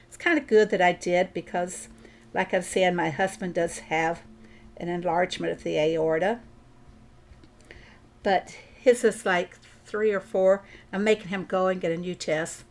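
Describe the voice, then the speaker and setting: A woman chatting casually while she plays a farming game on stream, thinking aloud and answering viewers. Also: medium pitch. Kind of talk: casual gameplay commentary.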